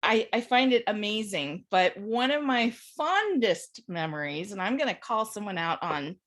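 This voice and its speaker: A woman on a video call telling funny stories in a chatty, animated way, laughing along as she talks. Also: mid-range voice, moderate pace. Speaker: panel participant. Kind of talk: casual storytelling on a video call.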